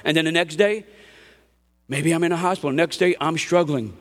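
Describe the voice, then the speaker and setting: A pastor preaching a sermon in a conversational, emphatic way, often asking the congregation "right?". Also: male voice, on the high side, normal speed, long reverb tail. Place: church hall.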